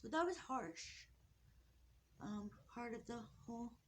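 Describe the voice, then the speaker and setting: Grieving woman narrating her birds, halting. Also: fairly high pitch, expressive, a little hiss or hum. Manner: halting, emotional, apologetic, with sighs and restarts. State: tearful, upset. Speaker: vlogger filming her pet finches. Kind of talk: casual off-the-cuff narration to camera. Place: indoors at home near a birdcage.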